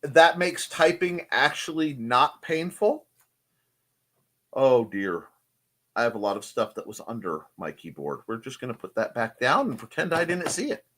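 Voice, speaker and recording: Lively bright-voiced man hosting a stream. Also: medium pitch, normal speed. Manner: rambling, jokey, greets chatters. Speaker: live stream host. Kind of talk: casual live-stream chat. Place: home desk at his computer.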